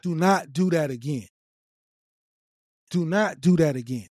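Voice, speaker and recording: A man's voice: a little high, measured pace, a little mellow, no echo, studio quality. A man giving emphatic, repetitive opinion commentary on a video clip, scolding and lecturing.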